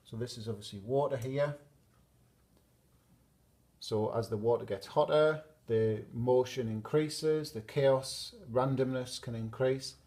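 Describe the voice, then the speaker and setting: A man teaching a chemistry lesson at a whiteboard, explaining steadily and pausing to draw graphs. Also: mid-range voice, dark tone.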